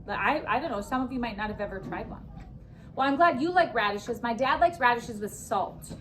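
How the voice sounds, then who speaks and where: A woman leads a spelling lesson for young children in a classroom, her voice sitting a little high. She keeps an upbeat, sing-song teaching rhythm and stretches words out syllable by syllable. A light background hiss runs under the recording. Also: animated, brisk, a bit bright. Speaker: elementary school teacher.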